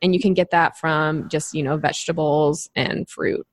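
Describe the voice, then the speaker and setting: A woman's voice: deep voice, steady tone, moderate pace, no echo, studio quality. A woman co-hosting a podcast, explaining nutrition to clients in a chatty way with lots of fillers. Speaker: podcast co-host, nutrition coach. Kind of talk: casual podcast chat.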